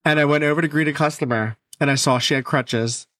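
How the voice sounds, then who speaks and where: A man co-hosting a casual podcast, telling stories in a blunt, animated way. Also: on the high side, fast, no echo, studio quality. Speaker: podcast co-host.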